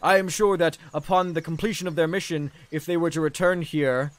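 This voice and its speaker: A nervous, overly polite female envoy who stumbles through long, flowery appeals, as a man voices her. She is halting and deferential, pleading her case in very formal words. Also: on the high side, steady tone, pitched above the performer's own voice, natural voice.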